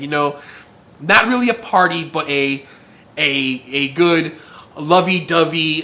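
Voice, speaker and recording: A rambling male host muses aloud about fantasy armies in a casual, goofy way. His voice sits a bit high and sounds bright and forceful. He trips over his own words as the thoughts pile up. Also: slow. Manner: goofy, rambling, self-interrupting. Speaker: channel host. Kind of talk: casual musing monologue.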